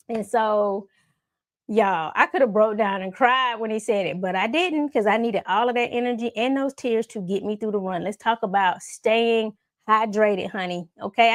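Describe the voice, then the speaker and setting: A woman vlogger telling a personal faith story in a casual, animated way, with folksy asides to her viewers and frequent laughs. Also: fairly high pitch, moderate pace, no echo, clean studio sound. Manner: laughs often while talking. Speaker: faith and self-development vlogger.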